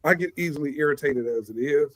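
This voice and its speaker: A man chatting as a guest, animated and repeating words for emphasis. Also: a little high, fast, no room sound. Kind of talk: casual chat.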